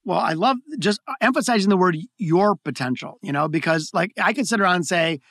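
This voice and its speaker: A man telling stories as an interview guest, talking in excited bursts with frequent restarts and repeated words. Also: high-pitched, a little fast, no room sound, clean studio sound. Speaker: guest, keynote speaker. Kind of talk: conversational interview storytelling.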